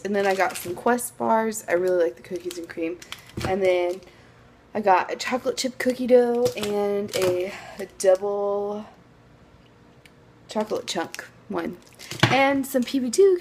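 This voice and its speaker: A woman's voice: medium pitch, noisy background. A young woman chatting casually to her phone camera at home, rambling with lots of fillers. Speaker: vlogger. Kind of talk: casual vlog chat.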